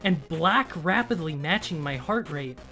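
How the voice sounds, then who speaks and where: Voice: medium pitch, expressive, unhurried, sharp tone, faint music behind. A co-host reading fanfiction aloud in a casual comedic way, laughing often and swearing between lines. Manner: laughs often, swears, reads with mock drama.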